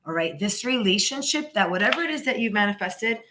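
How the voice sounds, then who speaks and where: In a live, casual tarot reading, this woman speaks animatedly and briskly at a medium pitch, with background noise present. She rambles, restarts frequently, keeps saying "you know," and stays emphatic and encouraging throughout.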